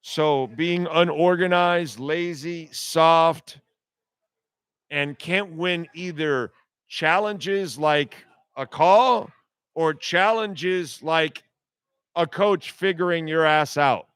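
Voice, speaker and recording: A man's voice: fairly high pitch, very slow, fairly bright tone, clean tone, dry recording. A man hosting a sports talk radio show, ranting bluntly and sarcastically with plenty of profanity.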